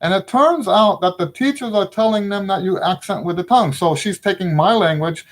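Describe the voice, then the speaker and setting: A middle-aged male trumpet teacher talks through a casual lesson with a voice pitched a little above most men's. He is frank and opinionated and keeps checking in with "right?" as he explains. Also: a little fast.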